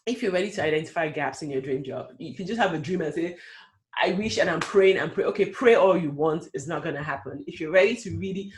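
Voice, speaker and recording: Male career coach, middle-aged, high pitch, punchy motivational webinar delivery, mimics doubters. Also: fast. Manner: emphatic, animated, acts out quoted doubters.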